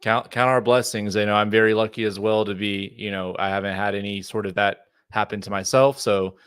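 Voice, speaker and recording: A man's voice: fairly low pitch, level tone, brisk, fairly bright tone, clear, resonant tone, no echo, clean studio sound. A man co-hosting a podcast, giving passionate, rambling warnings with lots of fillers. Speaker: podcast co-host. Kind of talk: casual podcast chat.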